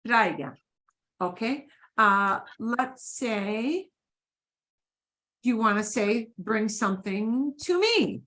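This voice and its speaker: A woman's voice: mid-range voice, pushed and bright. A woman teaching a beginners' Spanish class, patiently repeating phrases for her students to echo.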